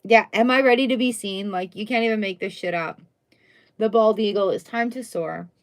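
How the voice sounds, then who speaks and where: A middle-aged woman gives a casual, chatty tarot reading on a live stream, her speech full of upbeat exclamations and little sung bits. Her voice is mid-range and her pace normal.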